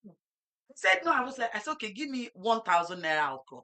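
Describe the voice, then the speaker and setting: A middle-aged Nigerian woman hosting a farm talk show, telling lively stories and acting out market exchanges. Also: mid-range voice, fast. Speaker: farm host. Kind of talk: casual chat.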